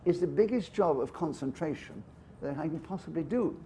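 A man's voice: fairly high pitch, lively intonation, a little fast, vocal fry, dark tone, slight background noise. An older man with an English upper-class accent, a guest author telling anecdotes on stage in a chatty, self-amused way with frequent asides. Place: festival stage.

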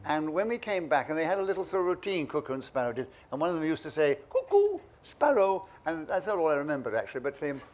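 An elderly man from England tells stories in a lively, jokey way, with a fairly high voice for a man. He slips easily into self-mocking asides. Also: rapid-fire, hardly any pauses. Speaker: guest, memoir author. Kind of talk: anecdotal interview chat.

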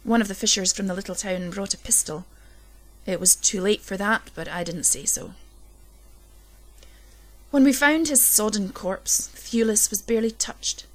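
A woman reading a dark first-person story aloud, low and intense, swelling at the tense moments. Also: a little slow, long pauses. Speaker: narrator. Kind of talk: scripted horror story reading.

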